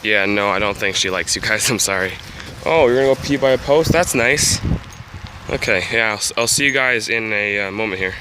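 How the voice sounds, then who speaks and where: A teenage boy chats to his handheld camera in a loose, rambling way, full of ums and little laughs. His pitch is ordinary for a young man. The recording is noisy, with wind and heavy rain behind him outdoors. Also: fairly quick. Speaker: vlogger. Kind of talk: casual vlog talk to camera. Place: home, then outdoors by a road in heavy rain.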